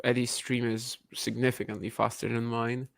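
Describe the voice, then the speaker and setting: A man's voice: medium pitch, little pitch movement, moderate pace, creaky, no room sound. Chatty man, dry close sound. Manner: chatty, opinionated, laughs often. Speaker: co-host. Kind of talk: casual chat.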